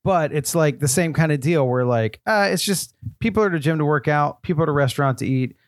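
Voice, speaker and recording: Young dude cohost, teasing, kinda halting, dry close mic. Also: male voice, on the high side, dry recording. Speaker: podcast co-host. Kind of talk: casual comedic chat.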